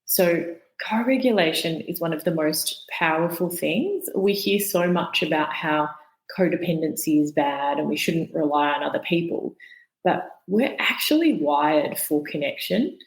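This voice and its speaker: A woman, a guest expert on the nervous system, explaining calmly and patiently in a podcast interview, walking through everyday examples. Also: sits low, measured pace, roomy sound, low-quality recording.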